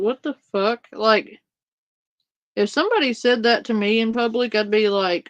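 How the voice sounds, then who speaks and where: A woman's voice: mid-range voice, normal speed, no echo, highs cut off. A woman streamer giving casual reaction commentary to a clip, incredulous and swearing freely as she mimics what others said.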